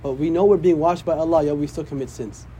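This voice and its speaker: A man's voice: on the high side, fast, dark tone, a little hiss or hum. A man, an imam, teaching a casual religious class, often checking in with "right?". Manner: conversational, often asks "right?".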